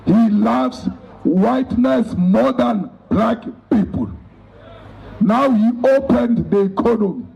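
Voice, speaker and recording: A middle-aged man giving a fiery rally speech at an outdoor protest march, rhetorical and repetitive, rising to shouts. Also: sits high, lively intonation, takes it slowly, gravelly, breathy edge, lo-fi sound. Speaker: political leader addressing a march.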